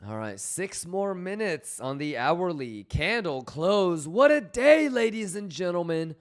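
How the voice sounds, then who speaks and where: A crisp-voiced male stream host speaks slowly, with a fairly high pitch and an animated delivery. His casual livestream chat is loose, profane banter, reading chat messages aloud and hyping up viewers by name.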